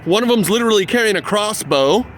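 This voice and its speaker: A man's voice: high voice, animated, fast talker, fairly bright tone. Chatty man filming outdoors. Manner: chatty, pointing things out, counting aloud. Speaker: vlogger. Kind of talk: casual walking commentary to camera. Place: outdoors by a large stone building in a city. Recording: outdoor handheld camera, faint street noise.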